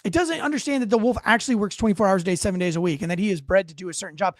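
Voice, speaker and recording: A man's voice: high voice, rapid-fire, dry recording, studio quality. A man who is a police officer hosting a casual interview, explaining through analogies and leading questions, blunt and profane. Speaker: police officer and podcast host.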